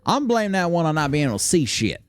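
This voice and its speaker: A man's voice: fairly high pitch, big pitch swings, fast, clear, resonant tone, dry recording, soft background music. A young man streaming a game, chatting casually and swearing freely in a put-on Southern drawl. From Michigan, raised largely in the US South. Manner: profane, laid-back, chatty. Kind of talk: casual live gameplay commentary.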